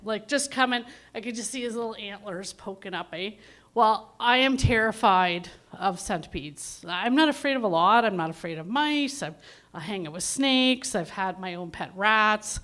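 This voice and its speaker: A woman's voice: mid-range voice, moderate pace. Chatty woman telling a story onstage. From Ontario, Canada. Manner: chatty, self-deprecating, animated. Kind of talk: live storytelling at an open mic.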